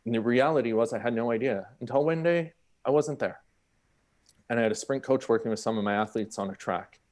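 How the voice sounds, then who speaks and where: A man with a brisk, medium-pitched voice shares a candid personal story on a panel. He's animated and performs the different people in the tale.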